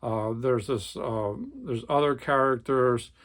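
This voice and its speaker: A man's voice: mid-range voice, steady tone, slow pace, fairly bright tone. Man reviewing and reading a novel. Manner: conversational, hesitant with fillers. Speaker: book reviewer. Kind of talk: reading aloud and casual book review.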